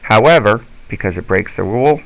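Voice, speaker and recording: A man with a low, gravelly voice teaches a lesson. He explains patiently and slowly, step by step, like a teacher guiding parents and students. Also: fairly bright tone, no room sound, poor audio. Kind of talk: instructional lesson.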